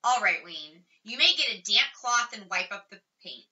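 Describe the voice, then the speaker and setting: A woman voicing a patient art teacher who settles a noisy class with slow, measured words, in a storybook reading. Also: medium pitch, expressive, bright, forceful tone. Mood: calming. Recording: slightly distant, dull lo-fi recording.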